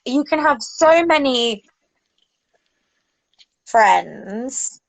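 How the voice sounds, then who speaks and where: Woman, 30s, podcast co-host: high, chatty, swears, dry close recording. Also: animated, drawn-out words, gravelly, no echo, low-quality recording. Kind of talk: casual chat.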